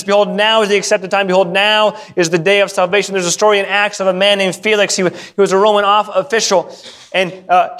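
High-voiced man preaching animatedly. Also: fairly bright tone. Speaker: pastor. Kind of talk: sermon. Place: church sanctuary.

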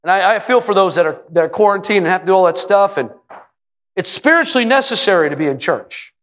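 High-voiced preaching man, echoing church. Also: lively intonation, fast. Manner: preaches with rising emphatic repetition, sometimes shouting. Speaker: pastor. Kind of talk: sermon. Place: church sanctuary. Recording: long hall reverb.

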